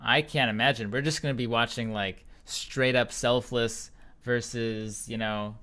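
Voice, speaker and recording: A man's voice: mid-range voice, steady tone, measured pace, bright, forceful tone. A man casting an esports tournament in casual, jokey chat, rambling and restarting his sentences. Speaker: esports caster.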